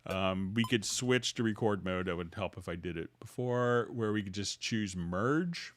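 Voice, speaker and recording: A man hosting a livestream, walking viewers through music software and answering their questions in a loose, halting way with many restarts. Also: lowish voice, slight background noise. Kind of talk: casual screen-share tutorial, answering viewer questions.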